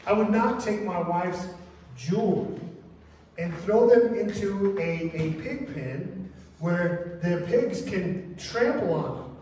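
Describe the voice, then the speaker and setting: Casual pastor preaching in an echoey church. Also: male voice, high-pitched, expressive, slow pace, a little mellow, a little hiss or hum. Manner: casual storytelling, says "man" and "right?" often. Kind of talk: sermon. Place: church sanctuary. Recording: echoey church hall from far off.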